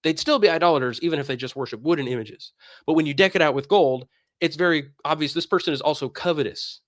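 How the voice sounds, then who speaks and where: A man's voice: a little high, quick pace, dry recording, studio quality. A man giving impassioned religious commentary on a stream, combative and emphatic, firing off rhetorical questions.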